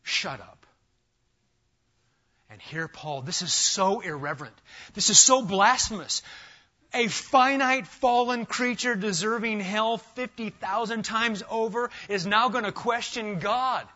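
A man preaching an expository sermon to a congregation, animated and emphatic, firing rhetorical questions and talking straight to his listeners. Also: high-pitched, a little slow, highs cut off. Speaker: pastor. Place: church sanctuary with a live congregation.

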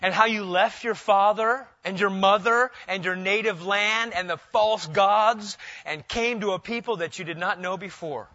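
Male pastor, lively sermon delivery, higher voice, slightly dull lo-fi recording. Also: normal speed, hardly any pauses, dry recording. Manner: animated preaching, asks the congregation questions.

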